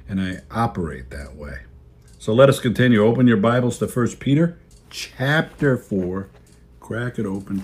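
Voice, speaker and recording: A man's voice: on the low side, a little mellow. A man pastor delivering a folksy sermon, repeating key phrases for emphasis. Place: church video service.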